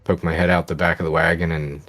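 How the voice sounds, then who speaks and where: Man, very deep voice, casual tabletop player, thinking aloud. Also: little pitch movement, fast talker, a bit bright.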